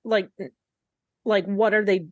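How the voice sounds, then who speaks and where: A woman's voice: mid-range voice, steady tone, slow pace, a little mellow, dull audio. A woman co-hosting a podcast, recapping a TV episode in casual chat, blunt and indignant, with some swearing. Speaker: podcast co-host.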